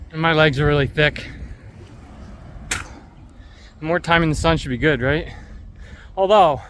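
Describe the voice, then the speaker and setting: A man's voice: on the high side, fairly bright tone, slight background noise. A man out of breath, chatting and joking to a camera he carries while running outdoors in the heat. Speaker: running vlogger. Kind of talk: casual vlog commentary while running. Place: outdoors on city streets in the heat.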